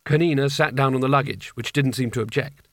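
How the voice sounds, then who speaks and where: A man reads an audiobook with a gravelly, mid-pitched voice, telling the story evenly. The recording is dry and close. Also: brisk, fairly bright tone, no room sound. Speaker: audiobook narrator. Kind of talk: scripted narration.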